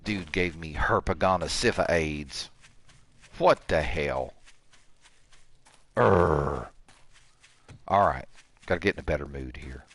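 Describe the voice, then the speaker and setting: A man's voice: rumbling low, measured pace, fairly bright tone. A man in his sixties hosting a gaming channel, giving joking let's-play commentary and trash-talking the characters. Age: 60s. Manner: jokey, trash-talks the characters.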